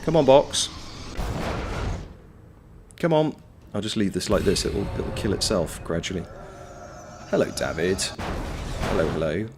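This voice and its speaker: A man and voice actor giving live-stream gameplay commentary, swearing freely as he yells at the game and chats with viewers. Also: sits low, unhurried, long pauses, music in the background. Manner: animated, swears freely, talks to the game and to chat.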